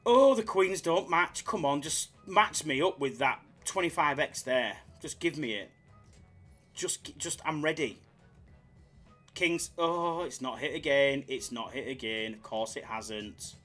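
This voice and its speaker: Hyped-up man, bright tense voice. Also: a little high, unhurried, faint music behind. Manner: jokey, hyped-up banter with chat. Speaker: live slots streamer. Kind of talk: casual live-stream chatter.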